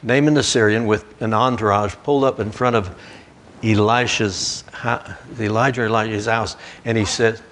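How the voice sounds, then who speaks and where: A middle-aged man preaching a sermon in a church, telling stories with lots of restarts and lively quoted voices. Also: on the low side, moderate pace, slight background noise.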